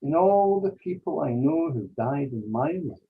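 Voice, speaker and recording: Man, husky voice, dull lo-fi sound, slow deliberate storytelling. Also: fairly high pitch, animated. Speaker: interview guest, medium. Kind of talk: storytelling in an interview.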